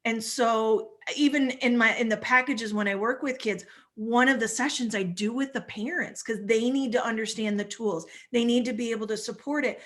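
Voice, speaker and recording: Brief: woman in her 40s, a guest coach who talks lively and chatty, pitched a bit high. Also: normal speed, hardly any pauses. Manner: animated, acts out little voices while explaining. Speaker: family stress coach, guest speaker. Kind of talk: conversational talk.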